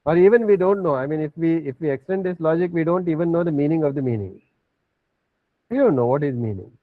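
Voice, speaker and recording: Male lecturer, fairly high voice, explanatory, thin phone-like call audio. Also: animated, fast, no room sound. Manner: explanatory, checks in with frequent "okay". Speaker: teacher. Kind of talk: online class lecture. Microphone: video call.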